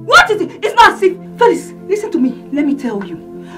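A brash young woman with a Nigerian accent who hurls insults in a very high voice. Her pitch swoops up and down as she mocks her rival. Light music runs underneath. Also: sing-song, a little fast, heavily acted. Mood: scornful. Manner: loud, scornful.

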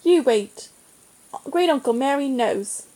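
A woman voicing an eager, dreamy young boy in a storybook reading, with an excited, breathless delivery. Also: extremely high pitch, moderate pace, voice pushed up. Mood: earnest.

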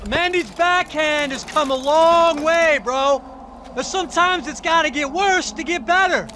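Game role: breezy, smug tennis coach, pitched very high. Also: male voice, measured pace, pushed and bright, a little hiss or hum, full character voice. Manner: breezy surfer-bro talk. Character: laid-back male tennis coach, smug. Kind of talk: video game dialogue.

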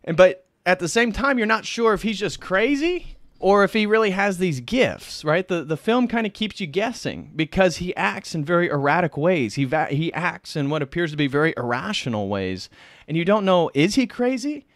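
Earnest higher-voiced man recapping a film. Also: animated, moderate pace, no room sound, clean studio sound. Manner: earnest, detailed plot retelling. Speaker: film reviewer, channel host. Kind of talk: casual livestream film review.

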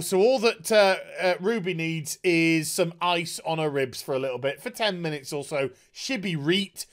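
A man's voice: on the high side, moderate pace. A man ranting in a video review, exasperated and sarcastic, swearing often. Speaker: TV show reviewer.

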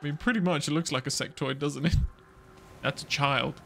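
A man streaming a video game, rambling and quick to laugh and exclaim as he plays. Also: on the high side, creaky, fairly bright tone. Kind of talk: casual live gameplay commentary.

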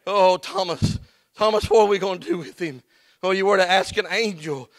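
A man preaching a sermon as pastor, folksy and plain-spoken, building up to shouts in church. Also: high voice, normal speed, no room sound. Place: church sanctuary.

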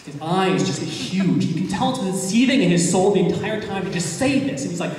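High-voiced young male stand-up comic in an echoey hall. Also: lively intonation, fairly quick, a little mellow. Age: 20s. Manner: awkward, rambling storytelling with crude punchlines. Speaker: stand-up comedian. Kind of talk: stand-up comedy set. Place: comedy venue with a live audience. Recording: echoey hall, mic heard from far off.

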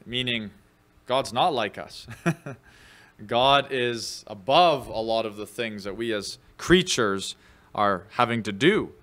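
In a church, a pastor preaches a midweek sermon, teaching conversationally with fillers and raising his voice when reading quoted scripture. He speaks slowly with lively intonation in a medium-pitched, slightly bright voice.

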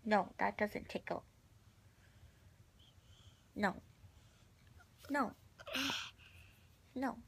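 A woman's voice: mid-range voice, extremely slow, creaky, long pauses, breathy edge. A woman talking playful, teasing baby talk to a little child at home, coaxing him with animal sounds and questions. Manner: teasing, sing-song, coaxing. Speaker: caregiver playing with a baby.

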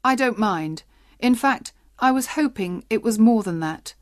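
A woman reading the part of a cheerful, excitable old husband in a simple storybook. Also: fairly high pitch, a little slow, no echo, studio quality. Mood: calm. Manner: jolly, excitable.

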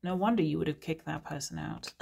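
A woman's voice: low-pitched, fairly quick, creaky, breathy edge. A woman giving a casual, unscripted reading as a host, talking in a chatty, rambling way with frequent laughing digressions. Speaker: tarot reader.

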